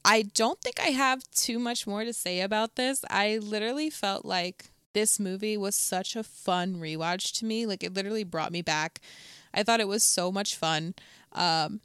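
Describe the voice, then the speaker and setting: A woman's voice: mid-range voice, normal speed, a bit bright, smooth, no echo, clean studio sound. A young woman co-hosting a podcast, chatting casually and laughing, with lots of "like" and "um". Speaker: podcast co-host. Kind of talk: casual chat.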